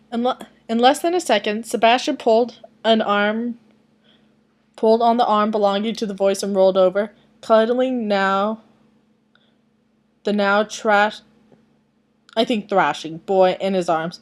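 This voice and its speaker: A woman with a mid-range voice reads fan fiction at her computer, recorded through its webcam mic. She takes her time, leaving long pauses, and wanders into self-deprecating tangents with some mumbling.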